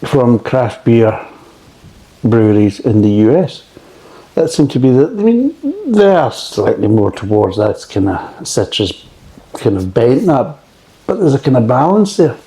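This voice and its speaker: A man's voice: medium pitch, very animated, a little slow, mellow. A man reviewing beer in a casual, rambling way, swearing freely and drifting off into tangents. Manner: rambling, profane, digressive.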